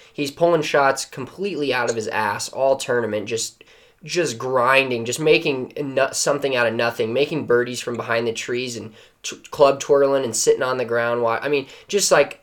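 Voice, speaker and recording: A man's voice: medium pitch, a bit bright. A man co-hosting a casual golf podcast over a video call, enthusiastic and rambling, swearing freely. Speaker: podcast co-host. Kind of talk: casual sports chat.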